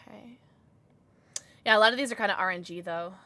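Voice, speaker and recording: A young woman streaming live, chatting casually with her viewers and squealing with excitement as she reads chat. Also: mid-range voice, a little fast, dry recording. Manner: chatty, bubbly, squeals when reading chat.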